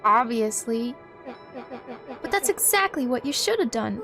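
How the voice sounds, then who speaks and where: Gruff, sarcastic tough-guy kid, put on by a woman with folksy insults, high voice, soft music behind. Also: big pitch swings, measured pace. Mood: mocking. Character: tough, sarcastic, bored young boy. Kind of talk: voicing game characters on stream. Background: background music.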